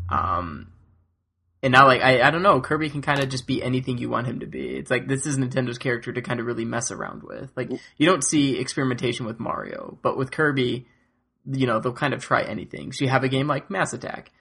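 Gravelly, bright-toned young man. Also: medium pitch. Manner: easygoing, laughs often. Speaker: podcast co-host. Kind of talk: casual chat.

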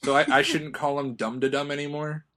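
A young man co-hosting a casual chat, rambling and jokey with excitable bursts. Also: fairly high pitch, fairly quick. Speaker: podcast co-host.

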